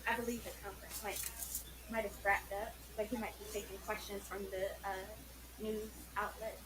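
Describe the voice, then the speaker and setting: A woman's voice: mid-range voice, little pitch movement, normal speed. A woman bystander explaining things hesitantly, heard from a distance. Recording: distant voice in background noise.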